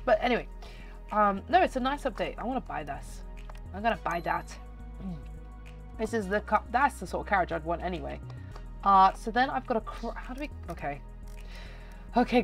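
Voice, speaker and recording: A woman chatting excitedly through gameplay commentary, her voice nasal and slightly hoarse. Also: medium pitch. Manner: chatty and excitable, talking to viewers. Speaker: gaming channel host.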